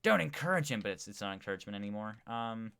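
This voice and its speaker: Guy streaming a game, bright sharp voice, rambles and reads chat, faint keyboard clicks. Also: lowish voice, lively intonation, fast talker, gravelly, a little hiss or hum. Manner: rambling, chatty, reads viewer chat aloud. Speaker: gaming streamer. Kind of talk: casual live-stream chat while playing.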